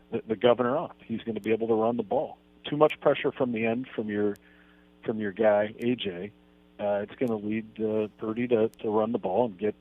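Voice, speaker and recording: A man in a sports radio debate, talking with deadpan mock seriousness and stammered restarts. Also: lowish voice. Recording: muffled dull broadcast audio.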